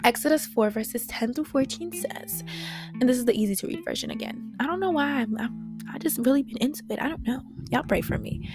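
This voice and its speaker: A woman's voice: sits high, a little fast, faint music behind. A young woman teaching Bible study in a casual, passionate, slangy way, reading scripture and talking it through. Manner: passionate, slangy, animated preaching.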